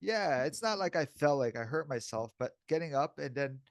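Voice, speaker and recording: A man's voice: fairly high pitch, animated, normal speed, no room sound, clean studio sound. A man co-hosting a podcast, talking casually and candidly and calling the other host "bro" and "dude".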